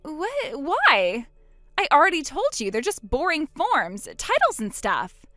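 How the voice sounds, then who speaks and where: A woman's voice: high voice, wildly swooping pitch, slow pace, bright, forceful tone, dry recording, soft background music, heavily acted. A woman voicing a boastful, spiteful young woman who mocks her sister in a text-story drama. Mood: shocked. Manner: smug, mocking, gloating.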